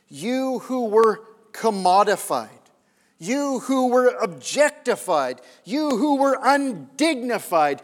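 A man preaching a sermon, pressing his listeners with questions and dropping to hushed tones for emphasis. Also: high-pitched. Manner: emphatic, questioning the audience, drops to near-whispers. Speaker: pastor. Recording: long reverb of a large hall.

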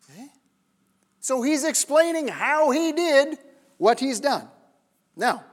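A man preaching a sermon, pressing his listeners with questions and dropping to hushed tones for emphasis. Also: very high voice. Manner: emphatic, questioning the audience, drops to near-whispers. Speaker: pastor. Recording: long reverb of a large hall.

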